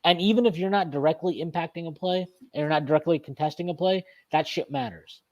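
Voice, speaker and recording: A man's voice: fairly high pitch, fast, highs cut off. A man hosting a postgame sports talk show, ranting emphatically and profanely, often restarting and repeating his phrases. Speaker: sports podcast host.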